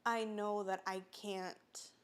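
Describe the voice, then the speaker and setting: On a podcast, a woman gives casual, earnest testimony about her life, her mid-range voice slow, smooth, and flat. Her speech is full of "like," and at moments she fights back tears.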